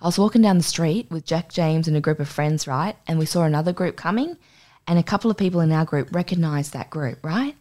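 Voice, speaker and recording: A woman's voice: sits low, expressive, a little fast, mellow. A young woman hosting a podcast, telling a story in casual chat and acting out the voices with crude humour. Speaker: podcast host.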